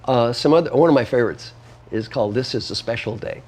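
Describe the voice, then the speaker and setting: A man's voice: medium pitch, fast, a little mellow, slight background noise. A man speaking as an interview guest, explaining ideas in an emphatic, teacherly way and working through numbered points. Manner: emphatic, list-driven, teacherly. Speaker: guest author and coach. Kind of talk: conversational interview.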